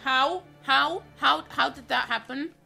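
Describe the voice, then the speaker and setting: A young man giving profane, excitable trash-talk commentary over his gameplay, breaking into sudden shouts. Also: very high voice, takes it slowly, creaky. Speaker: gaming channel host. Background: game music.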